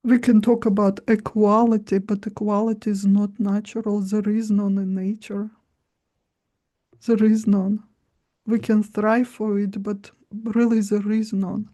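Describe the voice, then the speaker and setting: Slow, mellow-voiced woman coaching. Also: mid-range voice, flat delivery. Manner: slow, deliberate, with long pauses. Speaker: guest voice and body-language coach. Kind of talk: instructive interview talk.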